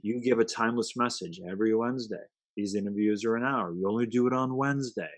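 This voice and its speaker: A man's voice: lowish voice, fast, no echo. A man, a guest in a conversation, talking reflectively in a playful, emphatic way and dropping short aphorisms.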